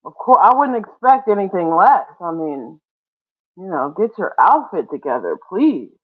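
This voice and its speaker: A woman's voice: on the low side, big pitch swings, normal speed. A woman hosting a casual live stream, chatty and playful, laughing often between remarks. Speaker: livestream host. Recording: tinny phone-like sound.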